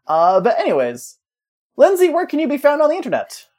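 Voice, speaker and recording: A man's voice: extremely high pitch, huge pitch swings, brisk, darkish tone. A man co-hosting a podcast, chatting casually in a joking, rambling way and laughing often. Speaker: podcast co-host.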